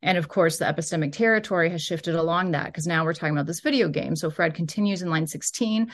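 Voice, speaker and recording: Woman lecturer, lowish voice, tentative and explanatory, talks through a transcript. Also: fast, few pauses. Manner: explanatory, loose and tentative, often hedging. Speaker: linguistics lecturer.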